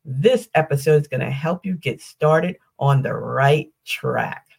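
A woman's voice: deep voice, measured pace, gravelly, darkish tone, husky. An older woman hosting her own podcast, explaining things step by step in an upbeat way, posing questions and walking through lists. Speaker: podcast host. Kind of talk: solo podcast teaching.

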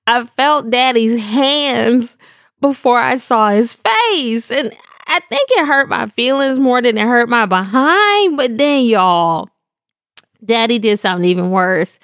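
A woman's voice: fairly high pitch, animated, slow pace, fairly bright tone, no room sound, clean studio sound. A middle-aged woman telling a humorous devotional story in a slangy, playful way, often laughing. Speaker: devotional speaker.

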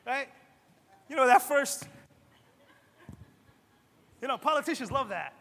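Preaching a sermon, a Cape Verdean male pastor speaks in a very high voice at a slow pace, swinging between loud and soft. His delivery is lively and conversational, often asking "right?", and a long reverb tail trails his words.

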